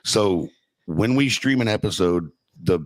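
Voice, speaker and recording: A man's voice: lowish voice, expressive, measured pace, dry recording. A man hosting a casual podcast, joking loosely and swearing freely. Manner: loose, profane banter. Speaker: podcast host.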